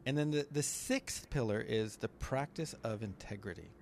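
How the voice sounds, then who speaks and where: A man co-hosting a casual podcast, thoughtfully explaining ideas step by step with small pauses and fillers. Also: on the low side, lively intonation, vocal fry, darkish tone. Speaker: podcast co-host.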